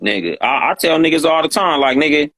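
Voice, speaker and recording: A man's voice: fairly high pitch, lively intonation, a little fast, fairly bright tone, no room sound. A man from the West Coast talking casually and emphatically on a live stream. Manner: emphatic, profane, agrees often. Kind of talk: casual chat.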